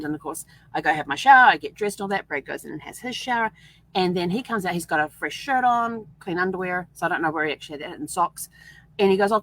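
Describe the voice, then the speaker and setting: A middle-aged woman with a fairly low voice tells a story in a casual, chatty vlog. She laughs often as she talks. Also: fairly bright tone, poor audio. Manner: chatty, laughs often while telling stories. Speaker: vlog host.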